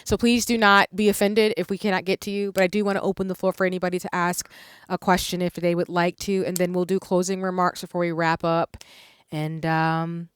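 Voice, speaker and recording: Smooth-voiced woman hosting a panel. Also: lowish voice, flat delivery, brisk, no room sound, clean studio sound. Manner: warm, effusive thanks, many fillers. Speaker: panel host. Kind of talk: livestream panel moderation.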